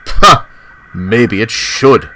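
A man doing a gruff, proud engine. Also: medium pitch, big pitch swings, unhurried, bright, forceful tone, slight background noise. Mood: bitter. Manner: gruff and huffy. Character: proud, grumpy big male steam engine.

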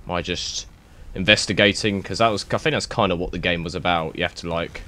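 A young man giving excitable, rambling let's-play commentary, swearing and thinking aloud as he plays. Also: low-pitched, fairly quick. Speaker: gaming YouTuber.

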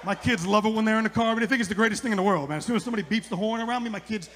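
A man's voice: high-pitched, rapid-fire, a bit bright, slight background noise. A middle-aged man doing a rambling stand-up comedy set on a club stage, repeating his lines for the punch.

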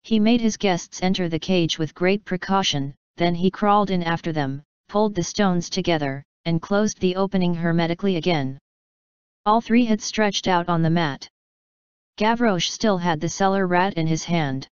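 A woman reading a classic novel aloud as an audiobook narrator, in a measured, even way. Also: lowish voice, clean tone, no echo, highs cut off.

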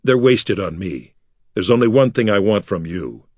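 A bitter half-orc fighter, spitting each word through clenched anger, as a narrator voices him. The voice is lowish and sounds close and dry. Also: male voice, expressive, moderate pace, no echo. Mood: fierce anger. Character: angry half-orc male warrior.

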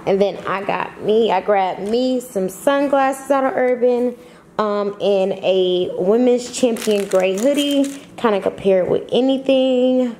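A woman's voice: on the high side, unhurried, dark tone, a little hiss or hum. A woman vlogging casually at home, chatty and slangy, laughing often. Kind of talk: casual vlog chat.

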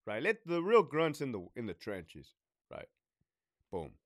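A man's voice: mid-range voice, smooth, no echo, studio quality. A man in his thirties, a former prison lieutenant, ranting in a profane storytime style and laughing between points. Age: 30s.

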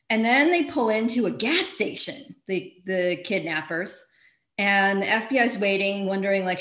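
A woman's voice: medium pitch, animated, moderate pace, fairly bright tone. A woman author giving a casual library talk, retelling a true-crime case in a chatty way with wry asides and lots of fillers. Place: library event room. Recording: echoey room.

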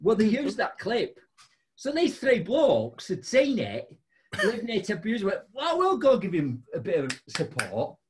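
A man's voice: a little slow, a little hiss or hum. A man hosting a show, telling a funny story in a casual chat, laughing often. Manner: animated, laughing storyteller with big pitch jumps. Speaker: podcast host.

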